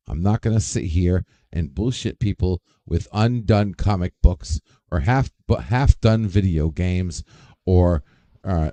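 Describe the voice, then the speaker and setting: A man's voice: low voice, dark tone, no echo. A man hosting a casual livestream, rambling, swearing freely and greeting chat viewers by name. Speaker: livestream host.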